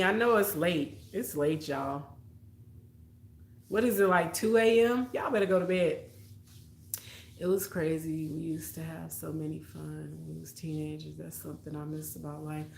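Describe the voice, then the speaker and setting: A deep, vocal-fry voice belongs to a young adult woman chatting with her audience on a late-night live stream. Laughter comes often as she recounts stories from her childhood and responds to viewer comments, her sound bouncing around an echoey room.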